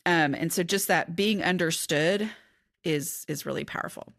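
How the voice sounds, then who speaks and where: Chatty middle-aged woman with a creaky voice. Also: fairly low pitch, moderate pace, fairly bright tone, no echo, clean studio sound. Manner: chatty, self-interrupting, candid. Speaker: podcast guest, author. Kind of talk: casual conversation.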